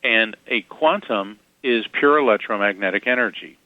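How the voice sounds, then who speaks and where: A man guesting on an interview, telling lively anecdotes with quick asides and chuckles. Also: fairly low pitch, no room sound, muffled recording. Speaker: guest psychic medium. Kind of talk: casual interview storytelling.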